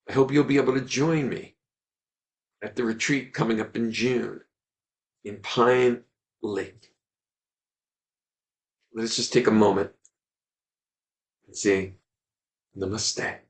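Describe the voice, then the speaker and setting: A man gives an earnest, animated webinar talk built around a story. His mid-pitched voice carries a noticeable gravelly fry. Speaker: Ayurvedic teacher.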